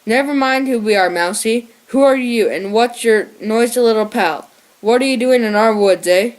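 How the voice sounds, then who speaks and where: A woman's voice: fairly high pitch, normal speed, natural voice. A woman reading the part of a menacing male stoat bandit who jeers and threatens. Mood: sneering. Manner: jeering, threatening.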